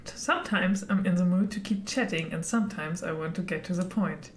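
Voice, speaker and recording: A woman's voice: lowish voice, fairly quick, slight background noise. A woman streaming a narrative game, reading its text aloud and chatting with frequent giggles. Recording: roomy echo with faint music.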